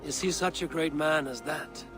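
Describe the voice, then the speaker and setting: An actor voicing a calm, courteous Norse warrior who speaks in a measured way, with game music behind. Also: male voice, fairly high pitch, natural voice.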